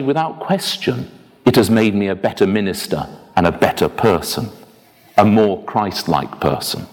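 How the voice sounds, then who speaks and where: A man preaching a sermon as a minister, telling anecdotes in a lively, self-deprecating way. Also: on the low side. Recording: long reverb of a church hall.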